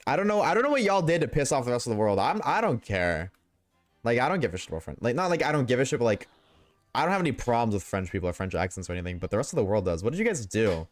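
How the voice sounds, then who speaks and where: Here a young gamer with a medium-pitched, sing-song voice races along, swearing, joking and talking back to his viewers in casual stream chat. Faint music sits behind a clip with no echo.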